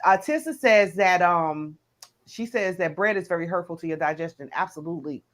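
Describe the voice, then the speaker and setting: A woman's voice: fairly low pitch, moderate pace. Chatty New Jersey woman. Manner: animated, chatty. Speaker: co-host. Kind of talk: casual chat.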